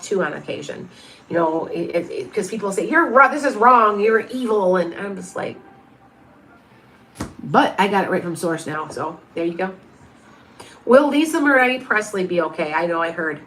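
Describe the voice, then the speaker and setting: A woman's voice: on the low side, a little hiss or hum. A woman in her fifties, a medium hosting a livestream, chatting casually through viewer questions with lots of restarts and asides. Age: 50s.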